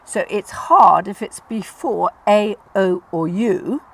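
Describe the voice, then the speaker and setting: A woman hosting a casual chat about plant names, instructive and quick to laugh, repeating words to stress them. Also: medium pitch, vocal fry, breathy edge. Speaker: garden designer and host.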